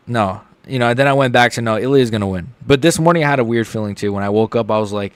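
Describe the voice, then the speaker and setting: A young man streaming a live reaction to fights, chatting casually and getting loud and excited when something big happens. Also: quick pace, clean tone, dry recording. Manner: casual, excitable, shouts with rising pitch at big moments.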